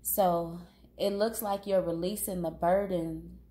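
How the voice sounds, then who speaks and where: Slow, mellow-voiced woman with a cold. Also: fairly low pitch, steady tone. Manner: slow, unhurried, with fillers and pauses. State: has a cold, sniffling. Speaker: tarot reader. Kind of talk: casual tarot reading.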